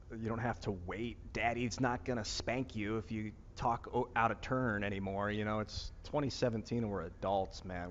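A man's voice: on the low side, big-room sound, highs cut off, a little hiss or hum. A man with a Northeast Ohio accent, vlogging in a musing, meandering chat full of fillers and restarts, outdoors on a rooftop. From Northeast Ohio, USA. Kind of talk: casual rambling monologue. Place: outdoor rooftop among plants.

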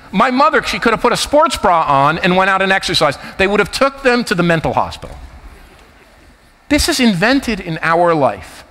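A man in his fifties with a New Jersey accent delivers a conference keynote in an animated, anecdotal way. His voice sits high and swings widely in pitch. The sound carries a long reverb from a large hall. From United States. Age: 50s. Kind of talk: keynote talk.

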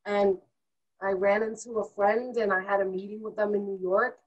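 An animated woman singer chats as an interview guest, telling stories at a mid pitch. She keeps a loose flow of fillers and acts out other people's lines with a lively voice. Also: dull audio. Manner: chatty, fast-flowing with fillers. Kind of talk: casual storytelling interview.

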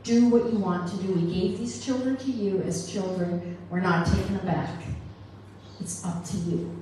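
A woman's voice: on the low side, steady tone, moderate pace, dark tone, a little hiss or hum. A middle-aged woman giving a sermon with a personal testimony, telling her story earnestly and acting out the voices she quotes. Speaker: guest speaker. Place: church hall. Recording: roomy live-stream from far off.

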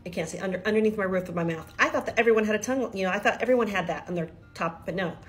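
Emotional, confiding woman vlogger from Kentucky, middle-aged, mid-pitched, faint music bed. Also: racing. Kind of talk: personal video diary.

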